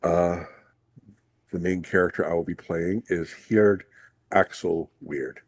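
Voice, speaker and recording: Male player, low and husky, halting casual delivery. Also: fairly even intonation. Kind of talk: casual chat.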